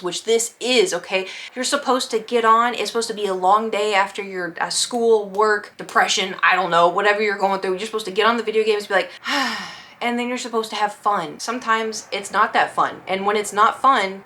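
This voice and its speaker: Young woman, chatty storytime vlog, playful, crisp bright tone. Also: medium pitch, a little hiss or hum. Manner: chatty, playful, acts out quotes. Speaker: gaming vlogger.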